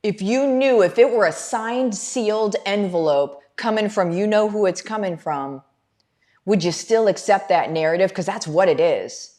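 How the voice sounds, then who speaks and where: A woman's voice: mid-range voice, normal speed, darkish tone. A middle-aged woman hosting a motivational livestream, talking fervently and directly to her viewers in a preachy way. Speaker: business coach and livestream host.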